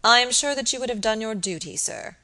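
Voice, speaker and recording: A woman's voice: on the high side, expressive, a little fast, bright, forceful tone, pitched above the performer's own voice. A woman reading an audiobook and voicing a grave, suspicious young male barrister who speaks with insistent earnestness.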